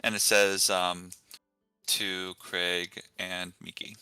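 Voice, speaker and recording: A man narrating a tabletop game as game master, relaxed and full of fillers, over an online call. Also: sits low, takes it slowly, clean tone, dry recording, faint music behind. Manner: relaxed, filler-heavy narration with easy laughs. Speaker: dungeon master.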